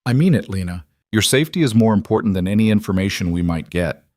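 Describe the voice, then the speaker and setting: A man's voice: lowish voice, animated, fast talker, a little mellow, dry recording, studio quality, lightly acted. A man doing a fierce, protective crime boss. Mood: intense, tender. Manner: intense, protective.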